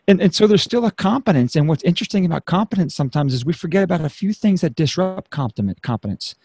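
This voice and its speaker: Male podcast host, upbeat, casual, slightly high voice. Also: fast, slightly rough, no room sound. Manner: upbeat, energetic, hypes the sign-off; repeats words when starting a phrase. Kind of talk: casual interview talk.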